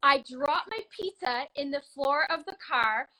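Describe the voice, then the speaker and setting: Bright, high-voiced Canadian woman storyteller. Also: a little slow, rough recording. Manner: animated, laughing, bursts into shouts when reenacting. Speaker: guest telling a story. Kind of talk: casual storytelling.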